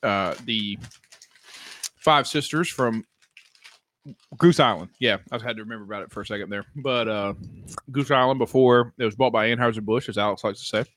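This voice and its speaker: A man's voice: lowish voice, normal speed, pauses often, a bit bright, dry recording. A man hosting a casual livestream chat show, laughing often and rambling with fillers. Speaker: podcast host.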